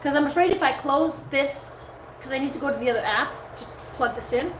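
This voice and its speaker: A woman's voice: sits high, brisk. A woman hosting a live stream as a dog groomer, chatting casually with viewers and cooing at the dog she works on, recorded on the device's own mic indoors. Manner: chatty, coos at the dog between talking to viewers. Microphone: device mic, her own mic not set up. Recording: echoey room with background noise.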